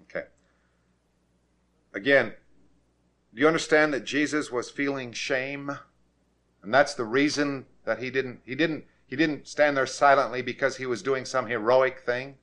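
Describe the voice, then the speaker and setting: A man preaching a sermon and directing a congregation through scripture, growing forceful and repetitive when he presses a point. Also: mid-range voice, unhurried, long pauses. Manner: emphatic, rises to forceful repetition.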